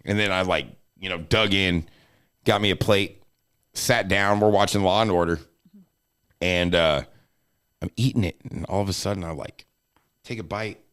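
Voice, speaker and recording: A man telling a funny family story as a podcast guest. He is animated, laughs often, and swears freely. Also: low voice, normal speed, long pauses, clean tone. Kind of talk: casual storytelling.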